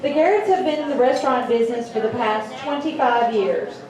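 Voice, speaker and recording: A woman announcer reading out a contestant's introduction in a clear, even way. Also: fairly high pitch, brisk. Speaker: event announcer. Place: event hall with audience. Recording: echoey hall, distant mic.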